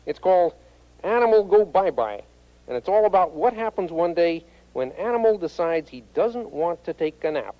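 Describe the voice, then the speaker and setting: A man narrating a children's storybook in an expressive, scripted read-aloud style. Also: a little high, normal speed, few pauses, poor audio.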